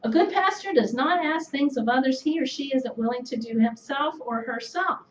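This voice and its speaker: A middle-aged woman giving an anecdotal tribute speech, telling stories in a measured way with soft laughs. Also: sits high, lively intonation, a little hiss or hum. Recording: echoey, slightly dull room recording.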